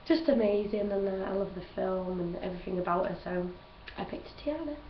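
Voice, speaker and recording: A woman's voice: mid-range voice, a little fast, slight background noise. Gushing young woman, roomy distant sound. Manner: gushing, chatty, laughs often. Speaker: vlogger. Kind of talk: casual chat. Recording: roomy, distant, dull home recording.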